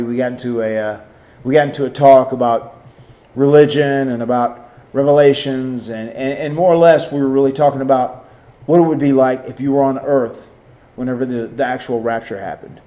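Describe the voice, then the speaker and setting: Energetic male wrestler hyping his match. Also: medium pitch, fairly quick. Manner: energetic, hype-building promo delivery with frequent restarts. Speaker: wrestler hosting his own video segment. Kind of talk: casual promotional monologue and storytelling.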